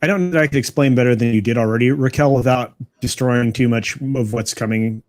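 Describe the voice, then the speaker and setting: A man's voice: medium pitch, fairly quick, darkish tone. A man on a podcast panel, talking hesitantly with many fillers and restarts. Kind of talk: casual podcast discussion.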